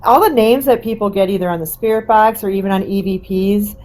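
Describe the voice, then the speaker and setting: A woman's voice: mid-range voice, brisk, a little mellow, low-quality recording. A woman chatting casually as a guest, rambling through her stories and laughing often. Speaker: guest, house owner. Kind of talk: casual chat.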